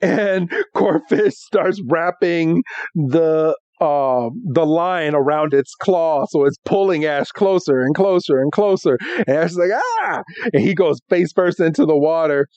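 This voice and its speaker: A man's voice: on the high side, a little slow, a little mellow, no room sound. A man co-hosting a podcast in casual chat, laughing often as he recaps an episode and acts out the characters' lines. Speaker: podcast co-host. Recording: dull, muffled podcast audio.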